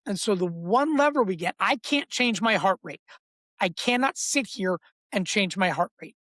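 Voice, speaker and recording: In a podcast interview, a breathwork coach explains his ideas with an emphatic, repetitive teaching cadence, animated and acting out inner voices. His voice is high and his speed normal, with no room sound in the recording.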